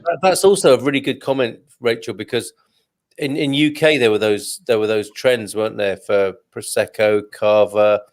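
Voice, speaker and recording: A man's voice: lowish voice, normal speed. A man in his forties hosts a wine club chat, joking and wandering into rambling asides. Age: 40s. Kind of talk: casual online group chat.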